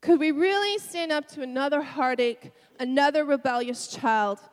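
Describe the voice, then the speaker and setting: Woman pastor preaching, high voice, soft laughs, echo from a big church hall. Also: moderate pace. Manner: emotional, personal storytelling with soft laughs. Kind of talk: sermon.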